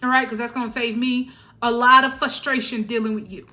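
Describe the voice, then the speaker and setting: A woman reads tarot for her viewers in a spiritual session, her voice on the high side, level, brisk, pushed and bright. She speaks sassily and emphatically, often checking in with "all right?"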